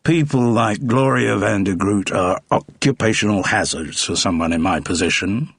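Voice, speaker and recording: A man's voice: fairly low pitch, normal speed, creaky, breathy edge, dry recording, clean studio sound. A man voicing a wary American star. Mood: guarded. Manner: cautious, guarded.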